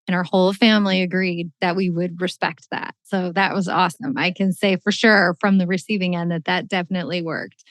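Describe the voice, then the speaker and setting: Woman, podcast host, middle-aged, quick and enthusiastic, dry close mic. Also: fairly low pitch, steady tone, no echo. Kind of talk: conversational interview.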